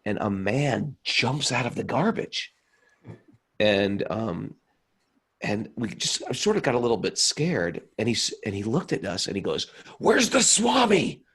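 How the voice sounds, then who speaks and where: A man's voice: on the low side, expressive, a little slow, a bit bright, husky. A man co-hosting a casual spiritual talk show, telling long rambling stories and often repeating himself. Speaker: podcast co-host. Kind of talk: casual chat.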